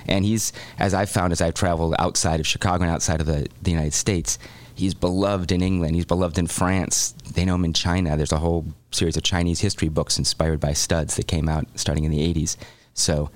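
Deep-voiced man, chatty guest. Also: steady tone, a little fast, dry recording. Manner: chatty, laughs easily. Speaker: guest, oral history scholar. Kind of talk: casual radio chat.

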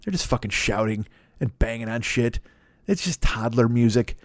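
A man's voice: mid-range voice, lively intonation, normal speed, no room sound, clean studio sound. A man riffing through a profane, rambling comedic monologue, acting out voices with laughs. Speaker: podcast host.

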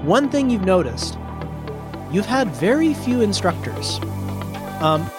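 A man narrating a tabletop role-playing game as game master, in a relaxed, rambling way. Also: high voice, slow pace. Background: background music.

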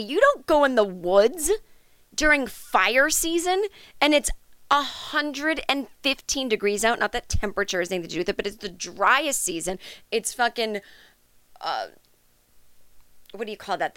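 A woman's voice: on the high side, normal speed, fairly bright tone, clean tone, dry recording, clean studio sound. A woman hosting a comedic podcast, ranting in a sarcastic, indignant and profane way. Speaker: podcast host. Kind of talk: comedic rant monologue.

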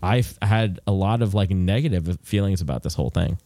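A man's voice: sits low, fairly quick, dark tone, no room sound, studio quality. A man talking casually about a film, rambling with frequent restarts. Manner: rambling, restarts often, lots of "like". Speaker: podcast co-host.

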